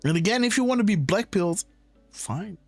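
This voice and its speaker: Speaking a little fast with vocal fry, a man hosts a live political decode show, his high voice darkish in tone yet lively in intonation. He insists through rhetorical questions, keeps addressing viewers as "guys," and tags lines with "right?". Faint music plays behind him, with no echo.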